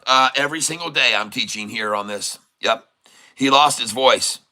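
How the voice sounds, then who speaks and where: A man hosting a casual live day-trading stream, hoarse from losing his voice, teasing and greeting his viewers with frequent chuckles. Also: medium pitch, moderate pace, bright, forceful tone, low-quality recording. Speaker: day-trading livestream host.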